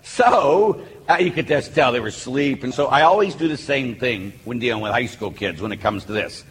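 A man's voice: mid-range voice, normal speed. A man, a Catholic priest, giving a live talk to an audience, telling stories with humor. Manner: animated storytelling with humor. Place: church or hall with a live audience. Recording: echoey hall with faint noise.

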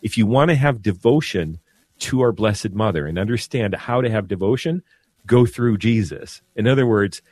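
A man, a priest, speaking earnestly on the radio about devotion, slow and measured, often repeating a word as he searches for it. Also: fairly low pitch, animated, darkish tone, husky, no echo. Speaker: priest guest. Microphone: studio mic.

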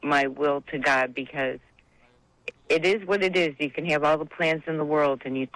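A deep-voiced woman speaking at normal speed in a fairly bright tone calls a religious radio show. Over the phone she offers an emotional, heartfelt, tearful and rambling testimony on grief and faith. There's no room sound, and the recording is low quality.

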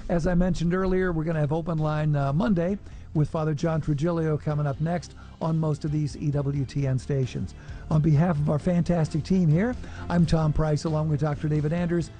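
A man's voice: fairly high pitch, fairly even intonation, warm tone, faint music behind. A man hosting a call-in radio show, reading listener emails and wrapping up the hour with station notes. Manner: friendly, reads emails, brisk wrap-ups. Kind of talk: radio host chat.

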